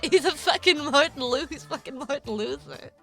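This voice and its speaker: Bright high-pitched woman streamer. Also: lively intonation, normal speed, faint music behind. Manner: incredulous, swearing, laughs often. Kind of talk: casual reaction commentary.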